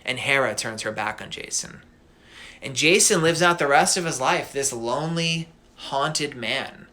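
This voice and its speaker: A man casually retelling a myth as a podcast host, animated and slangy with laughing asides. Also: mid-range voice, a little slow.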